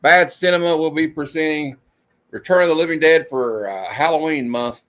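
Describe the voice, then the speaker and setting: A man's voice: on the high side, moderate pace, a bit bright. A man hosting a casual live stream, chuckling and loose as he reads comic panels. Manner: reads comic panels aloud in funny put-on voices. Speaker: host.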